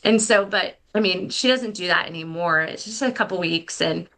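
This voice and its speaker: Middle-aged woman, podcast guest, bright tone, somewhat low voice, candid and self-deprecating. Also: moderate pace. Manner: candid, self-deprecating, many fillers and restarts. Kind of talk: casual storytelling.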